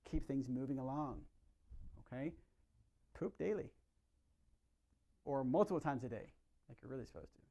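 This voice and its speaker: A middle-aged man, a chiropractor, giving an energetic, conversational health talk to his patients and often asking them questions. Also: medium pitch, normal speed, gravelly, pauses often. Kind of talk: live workshop talk to patients.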